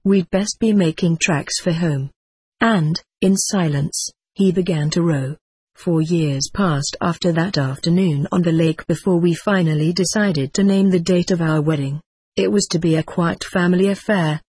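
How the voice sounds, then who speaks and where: A woman with a low, husky voice reads an audiobook memoir in a measured, steady way. The recording is close and dry, with no room sound. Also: no room sound. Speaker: narrator.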